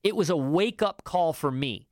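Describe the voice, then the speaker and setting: A man's voice: fairly high pitch, expressive, normal speed, darkish tone, dry recording, clean studio sound. A middle-aged man hosting a talk show, giving emphatic, coaching money advice with many fillers and restarts. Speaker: podcast host.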